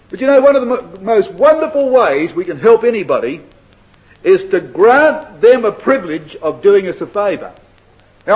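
Male preacher, high animated voice, dull lo-fi tape. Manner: expository Bible preaching, addresses brethren and sisters. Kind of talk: sermon. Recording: dull lo-fi recording.

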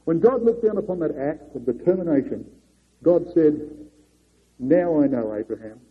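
A man preaching a sermon earnestly, swinging between raised and hushed delivery. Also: fairly high pitch, expressive, moderate pace, slightly rough. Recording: muffled lo-fi recording.

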